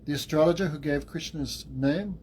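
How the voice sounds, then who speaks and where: A man giving a devotional class as a spiritual teacher, telling the story in a lively way. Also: fairly high pitch, moderate pace, slight background noise, poor audio. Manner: animated storytelling with laughs and acted quotes.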